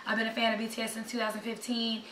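A young woman, talking anxiously and excitedly to her camera in a casual vlog. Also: on the high side, racing, slight background noise. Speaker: vlogger. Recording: echoey room, voice a bit far from mic.

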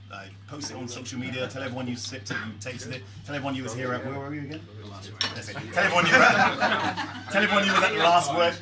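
A man hosting a rum tasting in a busy bar, joking, laughing often and bantering with the audience. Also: fairly high pitch. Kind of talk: jokey live presentation. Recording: noisy bar crowd, mic at a distance.

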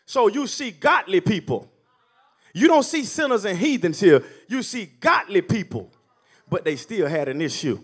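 A man preaching with a high, very animated voice that climbs and falls dramatically. He calls for responses from the congregation and builds his delivery in waves. The tone is that of a pulpit. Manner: call-and-response preaching, rising to near shouting. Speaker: minister. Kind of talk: sermon.

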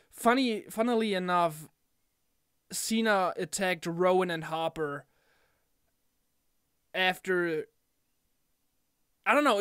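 A young man ranting casually about a wrestling event in a home vlog, animated and chatty, often slipping into impressions of the people he talks about. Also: high voice, smooth, no echo, clean studio sound. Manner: animated, mimics wrestlers in quotes. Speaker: wrestling fan vlogger.

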